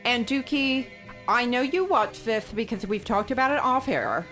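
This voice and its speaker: A woman's voice: on the high side, sing-song, moderate pace, bright, forceful tone, soft background music. Gushing, theatrical woman. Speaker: podcast co-host. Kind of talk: casual chat.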